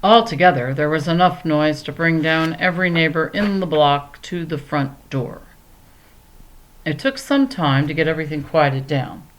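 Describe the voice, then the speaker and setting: A woman reads a children's chapter book aloud in a calm, measured voice. Her tone is low and steady throughout. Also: low-quality recording. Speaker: audiobook narrator. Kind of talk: storybook narration.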